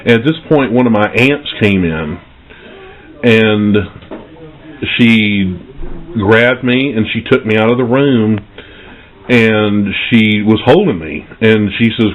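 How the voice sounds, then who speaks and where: Middle-aged man, tinny phone-like sound. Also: lowish voice. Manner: slow, reflective storytelling with pauses. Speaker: paranormal investigator. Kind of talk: recounting a personal ghost story.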